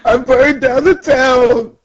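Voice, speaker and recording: A man voicing a weeping, remorseful male townsman who keeps apologizing in a high, strained voice. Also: steady tone, slow pace, slightly rough, heavily acted. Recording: lo-fi podcast audio.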